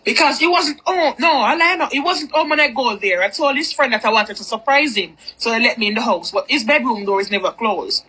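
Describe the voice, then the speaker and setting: A woman's voice: on the high side, brisk, few pauses, bright, forceful tone, slightly rough, low-quality recording. A woman telling a personal story in a candid, rambling, chatty way. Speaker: vlogger. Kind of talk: storytime monologue.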